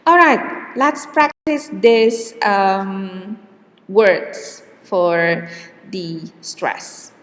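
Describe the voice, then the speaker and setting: A woman teaching English word stress, saying each model word slowly and deliberately between hesitant fillers. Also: mid-range voice, a bit bright, long reverb tail. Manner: slow, drawn-out model words with hesitant fillers. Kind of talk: pronunciation lesson.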